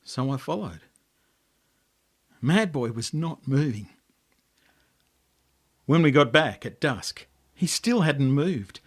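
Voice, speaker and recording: A man with an Australian accent, the author, reading his own story aloud in a slow, hushed, expressive storytelling manner. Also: medium pitch.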